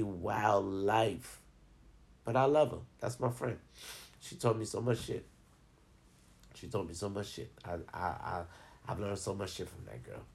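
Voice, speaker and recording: Male vlogger, low gravelly voice, profane and animated storytelling. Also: normal speed. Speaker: vlogger giving advice. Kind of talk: casual storytelling monologue.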